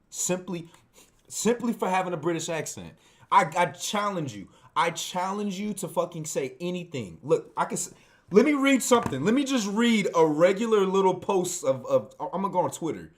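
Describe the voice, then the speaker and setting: A man giving casual ranting reaction commentary, profane and emphatic, repeating phrases for stress. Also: medium pitch. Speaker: video host reacting to clips.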